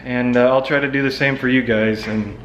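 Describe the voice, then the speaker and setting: A man's voice: mid-range voice, fairly even intonation, brisk, a bit bright, highs cut off, slight background noise. A man, a farmer from central Nebraska, talks through his farm work in a loose, rambling way. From central Nebraska, USA. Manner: laid-back, rambling, loose explanations. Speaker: farmer and vlogger. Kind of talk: casual walkaround vlog. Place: outdoors on a farm, by machinery.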